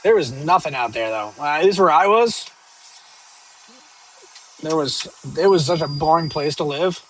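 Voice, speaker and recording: A man's voice: on the high side, animated, moderate pace, a bit bright, slight background noise, rough recording. Rambling joking streamer man. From northern United States. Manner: rambling, joking, with many fillers and restarts. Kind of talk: casual live-stream chat reading viewer questions.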